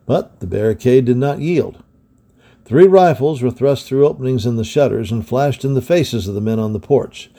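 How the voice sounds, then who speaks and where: Male storybook reader, gravelly and dark, steady measured narration. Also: mid-range voice. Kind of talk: reading a historical adventure novel aloud.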